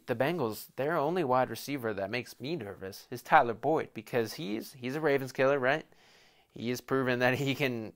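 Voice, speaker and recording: With a medium-pitched, fairly bright voice, a young podcast host rambles and cracks jokes in fast bursts while previewing a game on his casual solo sports show.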